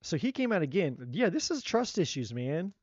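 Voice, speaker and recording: A man giving a live tarot reading in a blunt, animated way, swearing freely and acting out what people might say. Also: fairly high pitch, normal speed, slightly rough, no echo, dull audio. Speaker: tarot reader.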